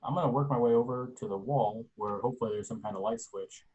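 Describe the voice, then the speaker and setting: A man playing in a tabletop role-playing game, talking through his moves deliberately. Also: medium pitch, a little mellow, dull audio. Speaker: player. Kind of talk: casual tabletop play.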